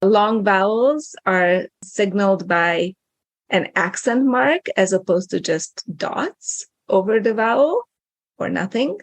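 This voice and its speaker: Casting: woman teacher, gravelly voice, methodical explainer, dry close sound. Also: mid-range voice, expressive, slow, no echo. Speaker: guest language teacher. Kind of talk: explaining pronunciation.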